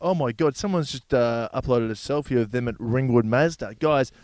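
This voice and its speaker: Man, excitable podcast co-host, swears a lot, dry close mic. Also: mid-range voice, normal speed, no room sound. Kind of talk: casual comedy chat.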